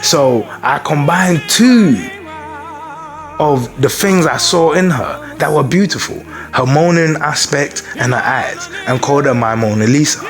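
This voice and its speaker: A man's voice: a little high, expressive, measured pace. A man doing spoken-word storytelling, dramatic and musing, repeating his phrases. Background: music.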